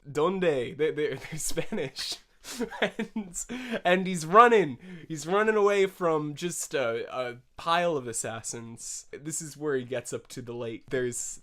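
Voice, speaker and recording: A man co-hosting a podcast and spinning an improvised comic story. He talks slowly, in a smooth, clear voice, with stammering repeats. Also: mid-range voice. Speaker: podcast co-host.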